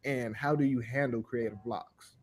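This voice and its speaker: A man's voice: medium pitch, steady tone, moderate pace, breathy edge. A man hosting a podcast interview, asking questions with hesitant restarts and giving brief affirmations.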